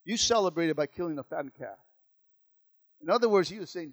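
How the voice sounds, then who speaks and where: A man's voice: on the high side, lively intonation, brisk, long pauses, no echo. A man preaching a sermon as pastor, repeating lines and calling out to the church. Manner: preaching with call-outs and repetition.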